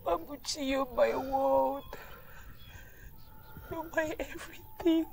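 A guilt-stricken mother and wife with a Nigerian English accent, pleading through tears for forgiveness. Her voice sits very high and her words come slowly and brokenly. A faint noise hangs behind her in this film drama. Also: fairly even intonation, creaky, heavily acted. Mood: tearful begging. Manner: tearful pleading. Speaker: actress.

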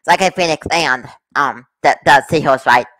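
A man hosting a reaction video, rambling excitedly and laughing often. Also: on the high side, normal speed, dry recording, low-quality recording. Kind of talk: casual reaction commentary.

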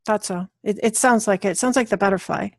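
A woman's voice: medium pitch, fast talker, no echo, studio quality. A woman student asking her teacher a question on a video call.

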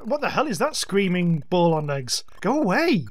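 Excitable man yelping at a game. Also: high-pitched, normal speed. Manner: excitable, yelps and swears at the game. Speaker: let's-play host. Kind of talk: gameplay commentary.

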